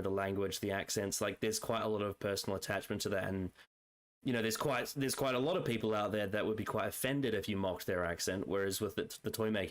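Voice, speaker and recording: A man with a fairly low voice talks casually on a podcast. He rambles, restarts his sentences and works through his ideas as he goes. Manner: rambling, restarts a lot, analytical. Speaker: podcast co-host. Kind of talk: casual chat.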